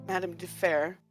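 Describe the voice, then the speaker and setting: A woman's voice: mid-range voice, a bit bright. Woman player in a tabletop game, rambles and stalls, music going in the back. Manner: rambling, hesitant explanations. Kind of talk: tabletop role-play chat.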